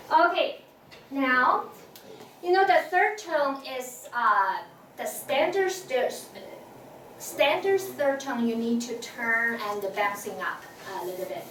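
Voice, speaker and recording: In a classroom lesson on tones, this high-pitched woman speaks slowly and patiently, with a fairly bright tone and frequent filler words as she voices each tone. She teaches Chinese, and the audio comes from a distance in an echoing, noisy room.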